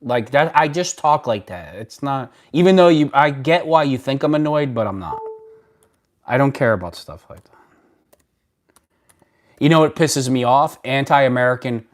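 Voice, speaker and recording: A man hosts a casual live stream, talking straight to his viewers at his computer mic. He is blunt and rambling, breaks off and restarts sentences, and swings from loud outbursts to low mutters. His voice sits at an ordinary middle pitch. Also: lively intonation, moderate pace, pauses often. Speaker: livestream host. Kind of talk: casual live-stream chat reading comments.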